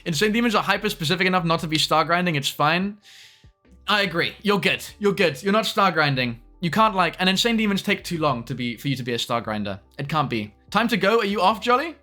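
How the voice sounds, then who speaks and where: A young man chatting casually on a live stream, with quick asides to his chat. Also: high-pitched, lively intonation, bright, forceful tone, soft background music.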